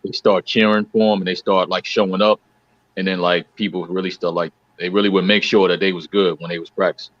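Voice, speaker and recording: A man's voice: low-pitched, little pitch movement, fairly quick, fairly bright tone, highs cut off. A man co-hosting a casual chat, talking in a laid-back, rambling way.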